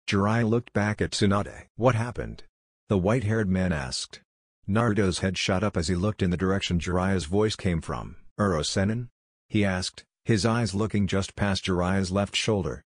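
A man reads a fan-fiction story aloud at an even, unhurried pace. His voice is very low and the recording is dry and close, with no room sound. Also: no room sound. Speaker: narrator.

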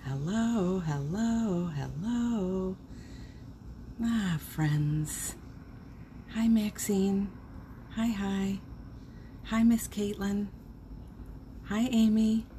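A woman's voice: mid-range voice, drawn-out words, pauses often, warm tone, a little hiss or hum. A middle-aged woman hosting a casual morning live stream, greeting viewers by name in a gushing, upbeat way.

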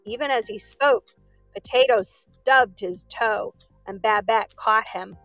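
A woman reading a children's story aloud in an expressive way, with asides to her listeners. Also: on the high side, slow, no room sound, soft background music, rough recording.

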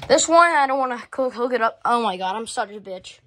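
A woman's voice: on the high side, animated, fairly quick. Swearing young woman with fans whirring. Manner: rambling, swears a lot, fumbles with gear. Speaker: fan collector vlogger. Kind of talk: casual vlog narration. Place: home room. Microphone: phone camera. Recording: phone video with loud fan noise behind.

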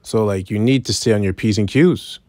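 A man giving an informal scripture lesson, reading verses slowly and then explaining them in casual talk, checking in with "right?" after nearly every point. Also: fairly low pitch, a little mellow, dry recording. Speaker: bible teacher.

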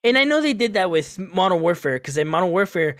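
A man with a slightly high voice talks on a gaming podcast, recorded close and dry with no room sound. He sounds laid-back and agreeable, swearing casually and chuckling now and then. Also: sing-song, fast, no echo. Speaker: podcast co-host.

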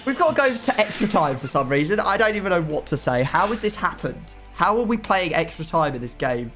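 A man giving excitable, playfully outraged commentary while playing a football video game. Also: sits high, fairly quick, soft background music. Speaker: gaming YouTuber.

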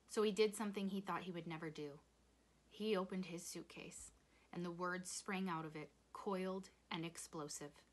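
Low-voiced woman reading a novel aloud. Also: fairly bright tone. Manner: measured storytelling. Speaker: reader.

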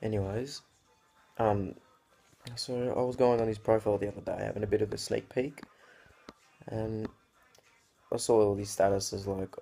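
Teenage man, casual sweary rant, gravelly fry, dark mellow tone. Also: lowish voice, steady tone, normal speed, long pauses. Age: teens. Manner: sweary, loose and rambling. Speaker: vlogger.

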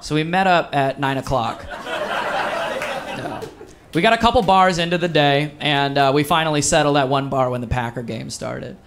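Upbeat comedian telling a story. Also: male voice, on the high side, normal speed, slight background noise. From Wisconsin. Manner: animated storytelling with acted voices. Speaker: stand-up comedian. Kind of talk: stand-up comedy set. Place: live comedy venue. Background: audience laughter.

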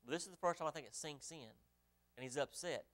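Preaching to his congregation, this pastor speaks quickly with a slightly high, fairly bright voice, reading scripture in archaic phrasing and asking them rhetorical questions.

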